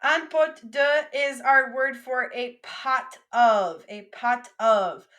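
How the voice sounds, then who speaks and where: A young adult woman teaching a French vocabulary lesson, modelling each word slowly and coaxing her students to repeat after her. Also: high voice, a bit bright. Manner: slow, drawn-out modelling of each French word, then quick English asides.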